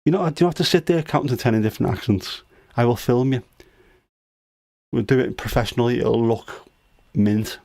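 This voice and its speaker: A man's voice: medium pitch, fairly quick, gravelly, a little mellow, no echo. A middle-aged man hosting a casual livestream chat, teasing his daughter with jokey dad humor. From United Kingdom. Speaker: livestream host.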